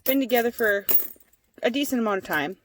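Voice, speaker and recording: A woman's voice: a little high, animated, brisk, a bit bright, slight background noise. A woman in her twenties, chatty and self-mocking, telling a casual story about her own life for a vlog. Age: 20s. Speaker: vlogger.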